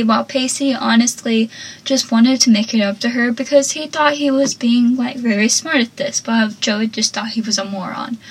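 Young woman gushing about her fave tv couple, kinda high, breathy voice, says like a lot. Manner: chatty, gushing, heavy use of "like". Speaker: TV show fan commentator. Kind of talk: casual fan commentary.

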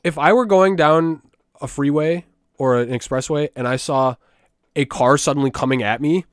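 A man's voice: on the high side, normal speed, clean tone, dry recording, clean studio sound. A young man in casual chat who talks bluntly, swears a lot and bursts out with emphasis. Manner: blunt, profane, emphatic outbursts.

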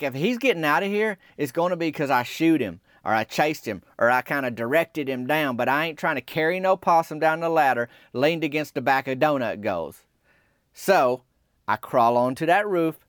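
Man, folksy deadpan storyteller, slightly high voice, dry recording. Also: no room sound.

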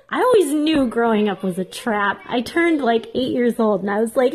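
A woman's voice: on the high side, lively intonation, moderate pace, hardly any pauses, a little mellow, a little hiss or hum. A woman in her thirties chatting casually to camera while baking, rambling and self-deprecating, laughing often. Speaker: vlogger.

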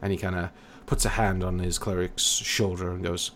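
A man narrating a tabletop game as game master, in a relaxed, filler-heavy way. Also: sits low, moderate pace, slight background noise.

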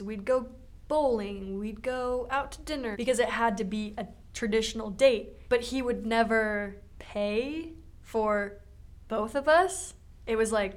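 Young woman, casual podcast co-host, chatty, a little high-pitched. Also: a little slow. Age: young adult. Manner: chatty, says "like" often. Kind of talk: casual chat.

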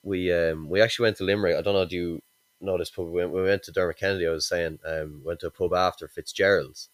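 A man's voice: low-pitched, fairly even intonation, no echo. A man hosting a podcast, chatting casually and agreeably with his guest. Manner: quick, easygoing, agreeable. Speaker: podcast host.

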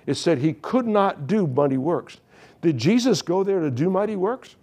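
A pastor preaching a sermon, reading scripture and retelling it with joking asides. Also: male voice, high voice, animated, moderate pace, darkish tone.

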